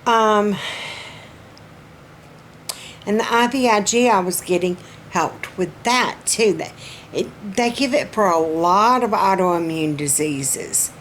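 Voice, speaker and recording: A middle-aged woman with a Southern US accent gives a casual personal update on her vlog in a folksy, chatty way, pausing often, her throat strained. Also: medium pitch, fairly bright tone, a little hiss or hum. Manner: slow, folksy and chatty, with pauses and restarts. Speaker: vlogger.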